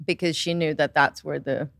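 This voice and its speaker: A woman's voice: on the low side, a bit bright, no echo, clean studio sound. A young woman co-hosting a casual chat, reacting readily and sharing her own story. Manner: chatty, quick to react and laugh along.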